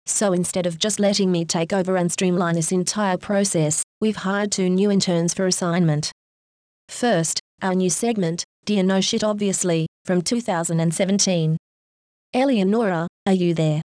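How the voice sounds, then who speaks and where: A woman's voice: on the low side, steady tone, moderate pace, darkish tone, dry recording, lightly acted. A woman voicing a sarcastic robot newsreader with a dry, mock-formal delivery. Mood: wry. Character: smug female robot news announcer. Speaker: podcast segment robot.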